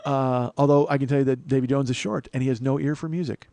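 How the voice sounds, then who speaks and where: A middle-aged man hosting a comedy podcast, rambling through a solo monologue with self-mocking asides and sudden bursts of loud mock-outrage. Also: mid-range voice, fairly even intonation, fast, creaky, no room sound. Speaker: podcast host.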